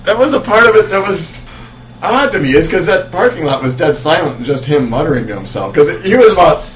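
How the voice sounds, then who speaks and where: A man in casual conversation, telling stories in a relaxed way with dry jokes. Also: on the high side, fairly quick, reverberant, far from the mic, faint music behind. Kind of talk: casual chat.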